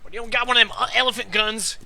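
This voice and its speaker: A man voicing a blustering, cocky posse member who talks in a rough drawl. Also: very high voice, steady tone, fast talker, sharp tone, voice pushed up, full character voice. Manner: rough drawl, bad grammar.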